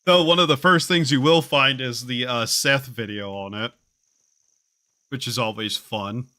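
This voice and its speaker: A man streams a game while chatting casually, rambling in a wry, self-mocking way and swearing offhandedly. His mid-range voice is bright and forceful, and he speaks unhurriedly.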